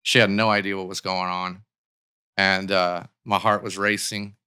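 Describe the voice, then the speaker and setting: A man's voice: sits low, little pitch movement, moderate pace, pushed and bright, clear, resonant tone. A man as a podcast guest, telling a long personal story in casual conversation, with many likes and restarts.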